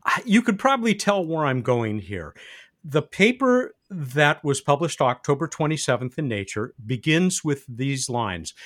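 Man, radio show host, animated intonation, chatty, playful asides. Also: fairly high pitch, a little slow. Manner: lively, chatty, jokey asides. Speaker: podcast host. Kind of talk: radio interview.

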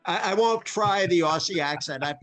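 A man's voice: high voice, moderate pace, a bit bright. A man as a radio interview guest, talking earnestly and correcting himself as he goes. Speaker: guest author.

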